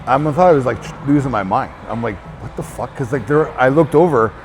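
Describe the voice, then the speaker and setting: A man's voice: mid-range voice, a little fast, a little hiss or hum. A man hosting his own channel, telling a rambling, profane story to camera with lots of filler words. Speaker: fitness trainer and channel host.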